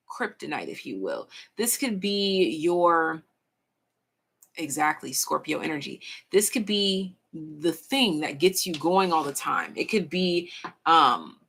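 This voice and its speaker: A young woman giving a casual pick-a-card tarot reading, frank and slangy, swearing freely and stretching out her pauses. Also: on the low side, a bit bright, slight background noise. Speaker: tarot reader.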